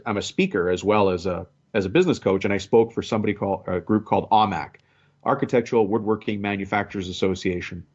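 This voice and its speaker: A man in his forties speaks as a podcast guest and tells his story in a loose, chatty way with small restarts. His voice sits a bit low. The sound is muffled and lo-fi. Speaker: guest business coach. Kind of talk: podcast interview. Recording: dull lo-fi sound.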